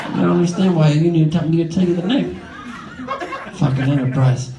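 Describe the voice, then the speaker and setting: A brash, foul-mouthed comedian works the crowd, his voice sitting a little high for a man. He mocks the people he picks on and acts out the characters in his bits. The audience laughs throughout in an echoey live club. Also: a little fast, gravelly, heavy background noise. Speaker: stand-up comedian. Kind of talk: improvised crowd work.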